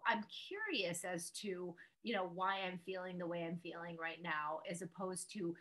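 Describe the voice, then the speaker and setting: A middle-aged woman hosting a podcast, talking in a quick, reflective, conversational way. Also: on the low side, fairly bright tone, poor audio. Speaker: podcast host and weight-loss coach.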